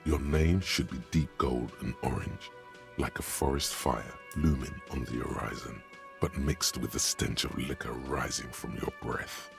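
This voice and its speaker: Gravelly inner game narrator. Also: male voice, steady tone, music in the background, full character voice. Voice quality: deep and gravelly. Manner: grave, measured storytelling.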